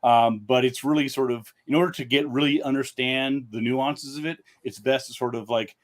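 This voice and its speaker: A man's voice: mid-range voice, fairly even intonation, normal speed. Rambling man with many fillers. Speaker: guest author. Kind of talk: casual live-stream chat.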